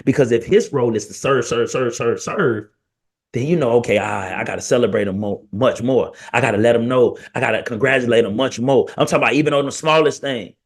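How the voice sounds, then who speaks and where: A man in his thirties hosting a podcast, talking casually and preaching to fathers, with an animated storytelling manner. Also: mid-range voice, fairly quick. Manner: animated storyteller, acts out family quotes in raised voice. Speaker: podcast host.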